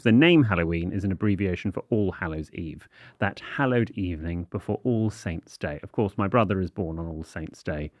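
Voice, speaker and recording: A British man co-hosting a podcast, his low voice rising and falling in animated swings. He explains things precisely, like a lecturer. The sound is close and dry with no room echo. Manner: lively, precise, lecturing tone when explaining facts. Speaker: podcast co-host. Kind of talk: casual podcast chat with explainer segments.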